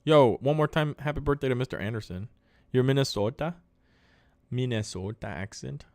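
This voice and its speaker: Male live-stream host: casual and upbeat, fielding chat questions, medium pitch, dry close sound. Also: moderate pace, a little mellow, no room sound. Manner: upbeat, thanks viewers, answers questions on the fly. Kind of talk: casual livestream chat, reading viewer comments.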